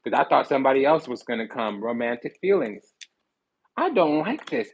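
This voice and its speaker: A man giving a sassy, animated tarot reading, blunt and swearing freely. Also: mid-range voice, normal speed, slight background noise, rough recording. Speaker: spiritual card reader.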